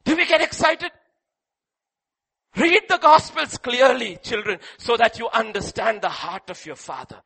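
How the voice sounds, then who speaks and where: A man preaching a sermon, repeating rhetorical questions and swinging between loud cries and hushed passages. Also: extremely high pitch, a little slow, husky.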